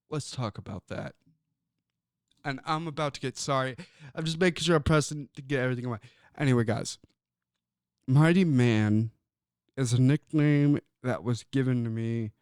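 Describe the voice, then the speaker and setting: A young man from Illinois hosting a sports talk show, speaking earnestly and haltingly with frequent ums and repeated words. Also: medium pitch, darkish tone, clean tone, no room sound, studio quality. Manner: earnest and personal. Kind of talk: casual sports talk monologue.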